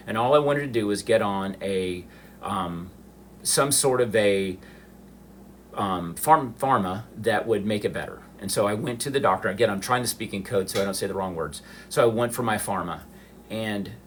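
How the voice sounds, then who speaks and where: A middle-aged man telling a personal story on a livestream, emotional and halting, restarting his sentences. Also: lowish voice, a little hiss or hum. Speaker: livestream host.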